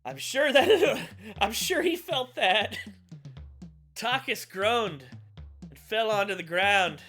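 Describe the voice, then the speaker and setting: A woman streamer narrating a comedic tabletop adventure, crude and animated with loud outbursts. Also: medium pitch, slow pace, faint music behind. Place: home streaming setup.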